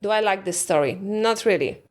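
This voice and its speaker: Woman coach, calm and reflective, podcast guest, medium pitch. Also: normal speed. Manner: calm, reflective, talks herself through questions. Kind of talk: podcast interview.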